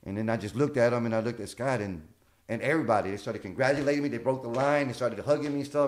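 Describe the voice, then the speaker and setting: A man's voice: medium pitch, fast, a little hiss or hum. A man, a comedian guest, telling casual stories with lots of swearing and acted-out dialogue. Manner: animated, acts out quoted dialogue, swears freely. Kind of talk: casual storytelling.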